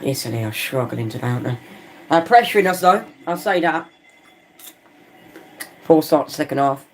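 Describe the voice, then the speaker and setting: A man hosting a live football watchalong, chatting casually with viewers and reacting loudly to chances on the pitch. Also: normal speed, a little hiss or hum. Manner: excitable, swings between chatty musing and loud outbursts at near misses; casual slangy talk, calls players and viewers lad and mate.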